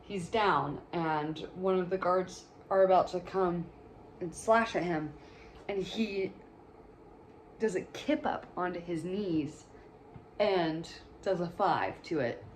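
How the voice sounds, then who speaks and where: Chatty low-voiced woman reviewing films. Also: slow, slight background noise. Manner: chatty, gushing and jokey. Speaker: movie reviewer. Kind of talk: casual movie commentary.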